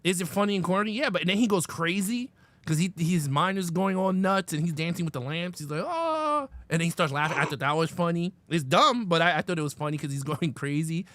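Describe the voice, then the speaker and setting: Man, co-host, higher-pitched voice, animated, enthusiastic, casual swearing, dry close sound. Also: fast talker, no echo. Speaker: podcast co-host. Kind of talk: casual film review chat.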